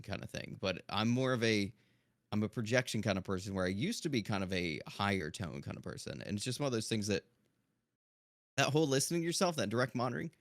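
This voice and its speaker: A man talking casually on a podcast in a low, projecting chest voice, keeping a calm, even, near-monotone delivery. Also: no echo, clean studio sound. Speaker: streamer guest. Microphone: dynamic studio microphone.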